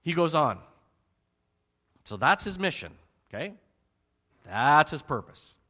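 A man preaching a sermon with animated emphasis, rhetorical questions and joking asides. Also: a little high, slow. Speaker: pastor.

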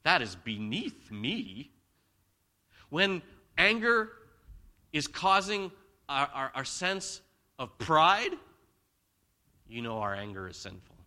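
A man preaching a conversational sermon in church, swinging between loud emphasis and quiet asides. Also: fairly high pitch, expressive, takes it slowly, long pauses. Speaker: pastor.

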